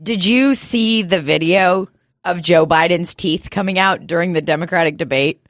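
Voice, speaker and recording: A woman's voice: on the low side, normal speed, dry recording. A woman co-hosting a comedy podcast, chatting in a brash, profane, joking way. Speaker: podcast co-host. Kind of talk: casual comedy chat.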